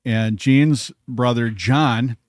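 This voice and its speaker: A man co-hosting a casual podcast chat, telling family stories with animated energy and laughing as he goes. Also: medium pitch, extremely slow, no room sound, clean studio sound. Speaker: podcast co-host.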